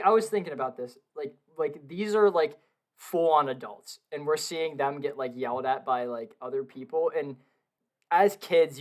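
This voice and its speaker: A young man chatting casually on a podcast from his home basement, excitable, swearing a lot and laughing often. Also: medium pitch. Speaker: podcast co-host. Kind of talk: casual film review chat.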